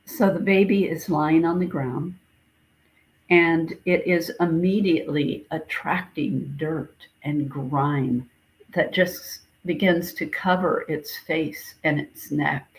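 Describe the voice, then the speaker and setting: A woman minister giving a sermon, gently recounting a dream in a reflective, repetitive storytelling way. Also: deep voice, poor audio. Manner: slow, gentle, reflective storytelling with repeated phrases.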